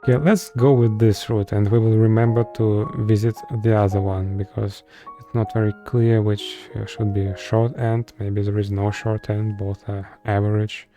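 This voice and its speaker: A man's voice: on the low side, steady tone, unhurried, warm tone. A man playing a game and thinking aloud about which route to take, in a hesitant way, with game music playing behind. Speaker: let's play gamer. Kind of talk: casual gameplay commentary.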